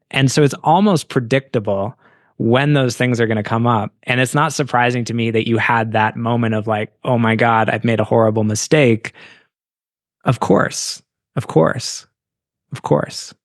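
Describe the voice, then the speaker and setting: A man with a gravelly, fry-tinged voice hosts a coaching interview. He speaks in a measured, reflective way and affirms his guest. The sound is close and dry. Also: medium pitch, dry recording. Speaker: business coach and podcast host.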